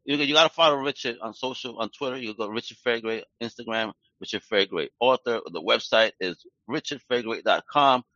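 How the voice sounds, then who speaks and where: A man hosts a podcast with a forceful, bright voice, hyped up and slangy, cursing casually as he talks up his guest. The sound is dry and close, with dull, muffled lo-fi quality. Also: mid-range voice, a little fast, hardly any pauses, no room sound. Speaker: podcast host. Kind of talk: casual interview chat.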